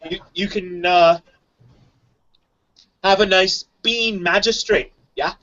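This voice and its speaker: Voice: mid-range voice, fairly even intonation, takes it slowly, a bit bright, lo-fi sound. A player in a tabletop game, playful and joking, laughing often. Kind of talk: tabletop role-play banter.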